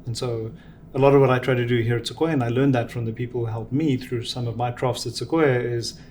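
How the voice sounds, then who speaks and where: A middle-aged man giving reflective, measured answers in an interview, explaining ideas with examples. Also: medium pitch, steady tone, a little mellow, slight background noise. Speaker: venture capital guest.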